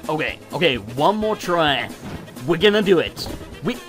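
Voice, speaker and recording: A man's voice: on the high side, very animated, moderate pace, fairly bright tone, faint music behind. A man giving gameplay commentary, ranting in frustration, swearing a lot and laughing at himself. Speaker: let's play gamer.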